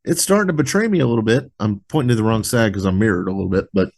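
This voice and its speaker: A man's voice: lowish voice, big pitch swings, racing, a little mellow. A man hosting a casual podcast chat, talking in a loose, rambling way full of "like" fillers.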